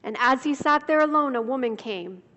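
A woman preaching a sermon, slow and measured, drawing out words for emphasis. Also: sits high, expressive, fairly bright tone. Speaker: speaker. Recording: dull sound with long hall reverb.

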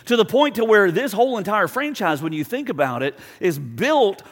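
Male pastor, high voice, chatty storytelling sermon that plays out little quoted scenes, recorded with long hall reverb. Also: moderate pace. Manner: animated storytelling, acts out quotes; conversational, asks the crowd for agreement.

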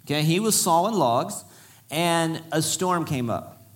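A man's voice: fairly high pitch, lively intonation, a little slow. A middle-aged man preaching a sermon to a congregation, telling stories in a folksy, self-deprecating way. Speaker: pastor.

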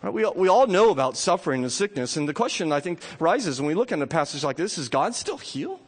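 A man preaching a sermon from the pulpit in a church, moving from hushed, slow passages to loud, high appeals. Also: big pitch swings, husky. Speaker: pastor. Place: church sanctuary.

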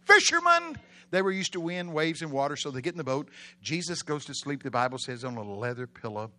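A man preaching a sermon in a dramatic way, swinging between loud exclamations and hushed storytelling and drawing answers from the congregation. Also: medium pitch, fast talker. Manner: call-and-response with congregation.

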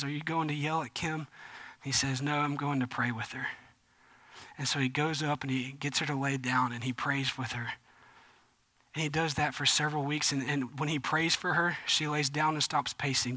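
Bright-voiced man preaching a sermon. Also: on the high side, dry recording. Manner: swings from loud urgent preaching to soft, hushed storytelling. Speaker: pastor.

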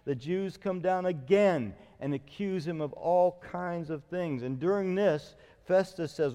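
A middle-aged man preaching a sermon as a pastor, telling stories with lively acted-out quotes. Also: fairly high pitch, unhurried, hardly any pauses, in a large hall. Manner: storytelling, animated retelling with acted quotes.

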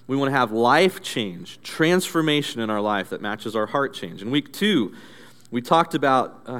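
A man's voice: mid-range voice, a bit bright, clear, resonant tone. A male pastor preaching a sermon in a conversational, storytelling way. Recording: echoey hall reverb.

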